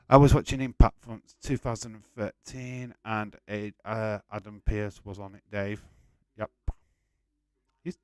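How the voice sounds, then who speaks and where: This livestream host, lowish-voiced and recorded without room sound, chats casually through a watch-along. He curses frequently and keeps starting his sentences over.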